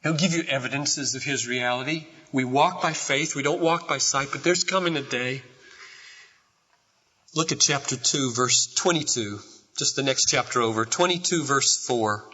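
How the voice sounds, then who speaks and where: An older man preaching a sermon with impassioned swings from quiet to shouting, recorded in a church hall. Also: medium pitch, moderate pace, breathy edge. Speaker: pastor. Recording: dull recording in a large hall.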